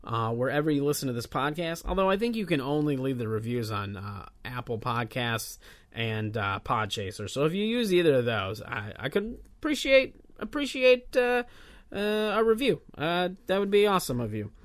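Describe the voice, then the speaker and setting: A man's voice: medium pitch, very animated, moderate pace. A man hosting a comedy podcast, talking casually through announcements with frequent filler words and loose, rambling asides. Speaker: podcast host. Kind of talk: solo podcast intro announcements.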